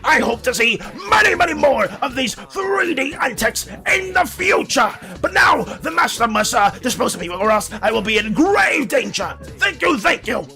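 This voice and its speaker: A woman's voice: high voice, sing-song, moderate pace, hardly any pauses, sharp tone, soft background music, full character voice. A woman voicing a formal, gushing slime creature with a theatrical, pompous manner. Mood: grandly grateful.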